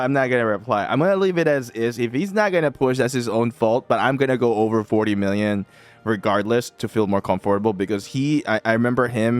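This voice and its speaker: A man's voice: fairly low pitch, clear, resonant tone. A man hosting a gaming channel, chatting casually as he plays and often breaking into laughter while repeating himself. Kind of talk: casual game commentary.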